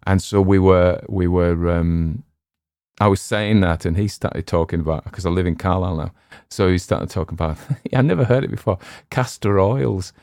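Deep-voiced rambling Cumbrian man. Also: moderate pace, darkish tone, no room sound, clean studio sound. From West Cumbria, England. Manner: rambling and self-deprecating, with many fillers and restarts. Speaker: audiobook narrator and channel host. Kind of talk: casual chat.

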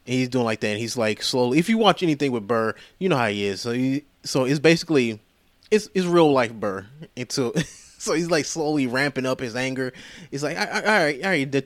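A man's voice: mid-range voice, dry recording. A man hosting a podcast, retelling a movie in a casual, profane, rambling way. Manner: profane, rambling, animated retelling with quoted voices. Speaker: podcast host.

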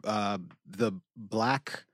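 Low-voiced guy thinking out loud on a podcast, lots of ums, dry mic. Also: fairly even intonation, very slow, dry recording. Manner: reflective, hesitant with many fillers. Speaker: podcast co-host. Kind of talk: casual chat.

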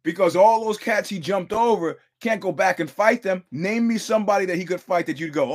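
A man's voice: high voice, fairly quick. A male podcast host giving casual fight commentary. He tells profane stories, acts out quotes, repeats and restarts his words, and chuckles often.

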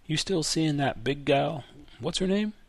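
A man's voice: a little high, expressive, unhurried, vocal fry, no room sound, voice pushed up, full character voice. A man reading a short story, voicing a stubborn elderly grandfather who talks in a brusque, dismissive way. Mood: prying. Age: older.

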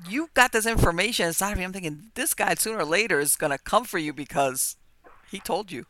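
A woman's voice: on the low side, animated, quick pace, fairly bright tone, dry recording. A woman podcast host interviewing a guest, reacting often with short affirmations. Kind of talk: casual interview.

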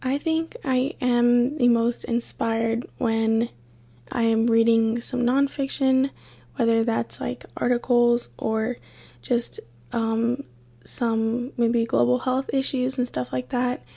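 A woman's voice: on the high side, fairly even intonation, slow pace, creaky, husky. Light-voiced young woman chatting on a podcast. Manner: light, chatty, says she talks softly on the podcast. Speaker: podcast host. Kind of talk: casual solo podcast storytelling.

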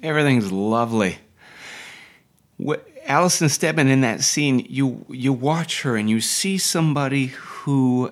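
A man teaching acting on a podcast, talking casually and enthusiastically, with restarts and digressions. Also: medium pitch. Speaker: acting coach.

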